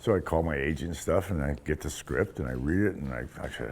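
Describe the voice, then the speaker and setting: An older man with a very deep, gravelly voice recounts show-business stories in an interview. He talks in a lively, profane way and slips into the voices of the people he quotes. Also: fast, slight background noise. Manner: animated, profane, acts out quotes. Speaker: actor. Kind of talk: anecdotal interview storytelling.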